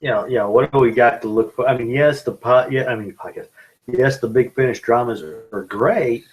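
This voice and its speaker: A man co-hosting a podcast, speaking haltingly with many pauses and fillers as he corrects details. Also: medium pitch, poor audio. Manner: halting, fact-correcting fan talk with many "uh"s. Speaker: podcast co-host. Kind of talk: casual podcast chat.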